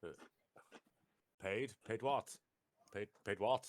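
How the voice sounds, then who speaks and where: A man's voice: fairly low pitch, slow pace. A man playing a tabletop game, laid-back and joking. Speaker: player.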